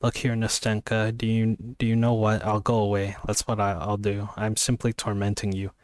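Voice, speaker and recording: A man's voice: lowish voice, monotone, normal speed, clean tone, no echo. A man casually reading a novel aloud, stumbling and restarting now and then, with offhand asides. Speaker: amateur reader.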